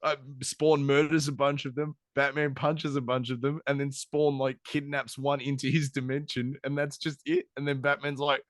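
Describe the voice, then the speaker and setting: A man's voice: mid-range voice, flat delivery, normal speed, hardly any pauses, no echo. A man on a podcast, talking in a casual, sarcastic way and laughing easily while he retells a story. His voice sits in a middle range and sounds dry and close to the mic, with no room sound. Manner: laughing, sarcastic retelling with mocking put-on quotes. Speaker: podcast co-host. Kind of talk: casual chat.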